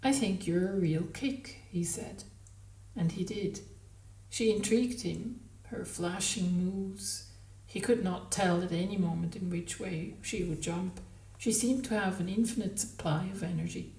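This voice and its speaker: A woman reading a novel aloud in measured narration, then commenting on it haltingly as a book podcaster. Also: fairly low pitch, mellow, distant mic. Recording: roomy, from the mic.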